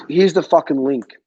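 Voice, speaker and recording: A man ranting furiously about a football match, swearing, repeating himself and shouting. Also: fairly high pitch, slightly rough, no echo, dull audio. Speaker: football fan vlogger. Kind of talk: angry fan rant.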